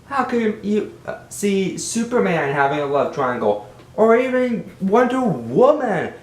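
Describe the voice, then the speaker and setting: A man rambles through a casual movie review, his pitch swinging widely as he gets worked up. He talks slowly and drags out his words. The room sounds echoey, with a faint low rumble behind him. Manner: animated, exasperated, rambling.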